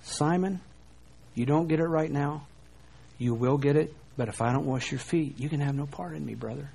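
A man voicing a calm, patient male teacher in a soft, hushed, tender tone. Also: fairly high pitch, moderate pace, gravelly, slightly rough.

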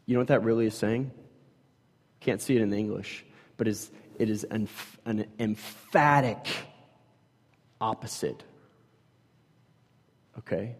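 A man's voice: lowish voice, unhurried, pauses often, husky. A man preaching a sermon, reading scripture aloud and then explaining it in a casual, conversational way with asides and fillers. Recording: long reverb of large hall.

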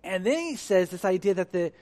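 A male pastor giving an animated sermon in a church, acting out dialogue as he preaches. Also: high-pitched, brisk, big-room sound. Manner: animated, acts out dialogue with God.

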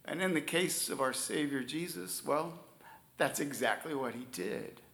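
A man preaching a sermon, stressing key words loudly and then dropping to near-whispers. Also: a little high, a little slow, creaky, echoey room. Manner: emphatic preaching, swings from loud stresses to soft near-whispers. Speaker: pastor.

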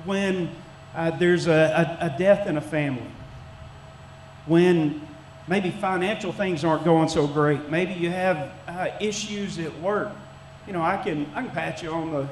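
A middle-aged man, preaching a sermon as a church elder in a conversational, folksy way with frequent restarts. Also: fairly high pitch. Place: church sanctuary. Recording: echoey church room, faint background noise.

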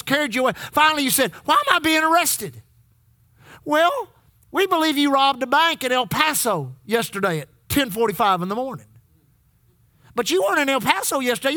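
A man's voice: extremely high pitch, sharp tone, dry recording, clean studio sound. A male pastor from Texas preaching a sermon, calling for amens from the congregation and repeating lines for emphasis.

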